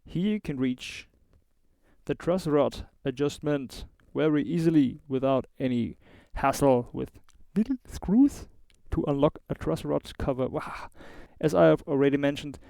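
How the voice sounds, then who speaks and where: Male host, German accent, relaxed chatty gear reviewer; gravelly, dark tone, dry close sound. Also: a little high, unhurried, no room sound. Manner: chatty, informal, with small asides and fillers. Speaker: host of a guitar review show.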